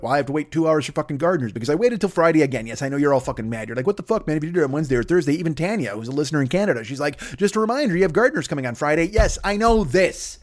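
Fast-talking profane man ranting solo. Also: a little high. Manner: profane, rambling, self-deprecating. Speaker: podcast host. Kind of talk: solo comedy podcast rant. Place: at his desk at home.

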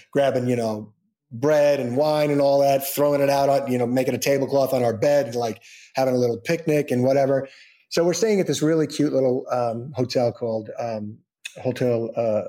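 Man, middle-aged, soap actor guest, casual storytelling, animated quoting, mid pitch. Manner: animated storyteller, acts out quoted voices in high pitch. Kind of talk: casual anecdote telling.

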